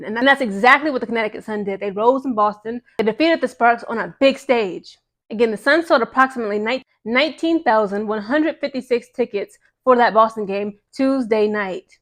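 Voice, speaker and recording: A woman's voice: on the high side, fast talker. A young adult woman hosting her own commentary vlog, talking in an emphatic way and keeping on adding "okay" to drive her points home. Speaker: host.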